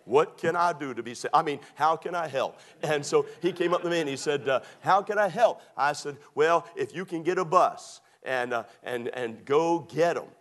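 A man's voice: a little high, moderate pace, hardly any pauses, fairly bright tone. A man, preaching a sermon in a folksy, humorous way, acting out the dialogue of his stories. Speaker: pastor. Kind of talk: storytelling sermon.

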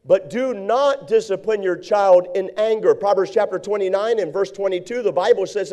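A male preacher delivering a sermon, reading King James verses aloud. His voice sits high but sounds mellow and warm. He slips into quick impressions of the people he describes.

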